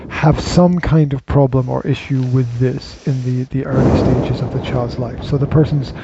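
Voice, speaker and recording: A man's voice: medium pitch, steady tone, normal speed, vocal fry. A man co-hosting a parenting Q&A in casual chat, playful and joking, with hesitant fillers. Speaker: co-host of parenting Q&A. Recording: dull lo-fi sound with faint noise.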